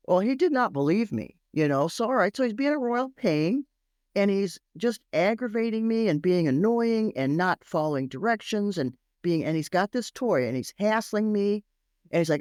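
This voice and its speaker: A middle-aged woman, a parenting expert, telling stories on a podcast in an animated, emphatic way that repeats phrases for effect. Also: lowish voice, normal speed, no room sound, clean studio sound. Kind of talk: storytelling podcast interview.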